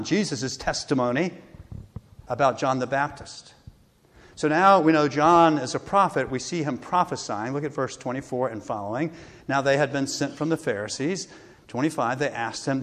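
A man preaching a sermon, earnest and steady, quoting scripture with rising emphasis. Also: medium pitch, moderate pace. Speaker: pastor. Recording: long hall reverb.

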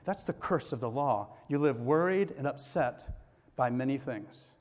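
A man's voice: mid-range voice, lively intonation, measured pace, darkish tone. Man preaching in a reverberant hall. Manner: conversational preaching with acted-out quotes. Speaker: pastor. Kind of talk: sermon.

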